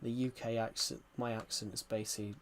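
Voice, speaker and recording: A man's voice: fairly low pitch, flat delivery, a little fast, a little hiss or hum. A man with a thick West Country accent, chatting casually to viewers on a live stream, rambling and repeating himself as he talks. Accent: West Country English. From rural England. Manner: rambling, repeats phrases, keeps addressing viewers as guys.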